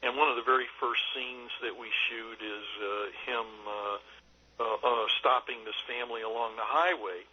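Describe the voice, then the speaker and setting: An older man, a film director, telling anecdotes in a radio interview, halting with many fillers and restarts. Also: medium pitch, steady tone, breathy edge. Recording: dull lo-fi radio line.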